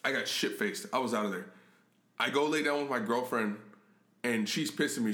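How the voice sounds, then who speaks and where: A man's voice: mid-range voice, brisk, sharp tone. A young man co-hosting a podcast, telling a drunk story in casual, profane chat and often breaking into laughter. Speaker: podcast co-host. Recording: echoey room with faint noise.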